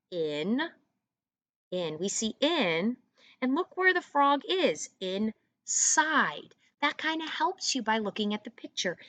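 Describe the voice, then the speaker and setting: A woman teaching an online first grade reading lesson, encouraging young children and sounding out words slowly. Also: mid-range voice, pushed and bright, no room sound.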